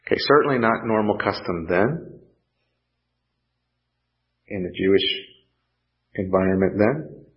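A man preaching a sermon, earnest and pausing, lifting his voice when he quotes scripture. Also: lowish voice, lively intonation. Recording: dull lo-fi sound.

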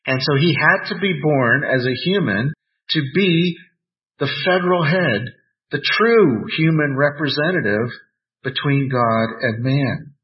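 Slow, measured male preacher. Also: on the high side, dull audio. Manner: measured, deliberate preaching with scripture readings and playful asides. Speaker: pastor. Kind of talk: sermon.

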